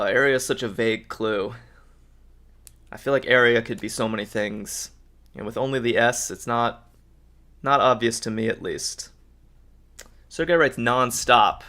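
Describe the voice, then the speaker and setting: A man's voice: lowish voice, sharp tone. A man hosting a live crossword stream, thinking aloud in an upbeat way and reading out viewers' answers. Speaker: host of a live crossword solve. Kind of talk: live-stream puzzle solving, chatting with viewers.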